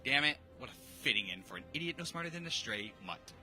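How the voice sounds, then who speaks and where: A streamer man reads a visual novel aloud between jokey, excitable reactions. His voice is bright and slightly high, with a lively, bouncing melody, and soft music plays under him. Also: fast talker, poor audio. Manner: animated, excitable, jokey, swears. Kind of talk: reading a game aloud with live reactions.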